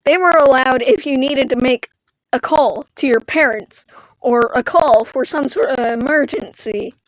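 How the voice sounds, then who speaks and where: A woman with a high voice tells a personal story at an unhurried pace. She is animated and acts out what others said. The sound is dull, dry and lo-fi. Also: dry recording. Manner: animated storytelling, acting out quoted lines. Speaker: vlogger. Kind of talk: storytime live stream. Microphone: screen-recorded live stream mic.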